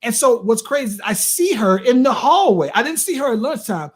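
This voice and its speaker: A man in his late thirties, co-hosting a podcast and telling a story in an animated, slangy way, often tossing in "bro" and "right?". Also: very high-pitched, brisk, breathy edge. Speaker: podcast co-host. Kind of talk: casual storytelling chat.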